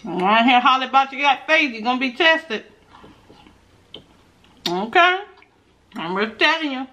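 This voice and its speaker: Lively, chatty woman eating on camera. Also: high-pitched. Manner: chatty, talks straight to viewers as y'all; playful, drawn-out asides with hums and laughs. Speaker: food vlogger. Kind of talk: casual mukbang chat while eating.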